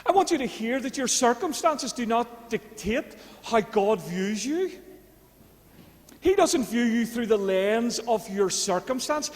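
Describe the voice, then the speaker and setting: A Northern Irish pastor with a high voice preaches to his church. He talks casually with the congregation, then builds to fervent appeals. His voice rings with the long reverb of the church hall. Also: animated, slow. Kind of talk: sermon.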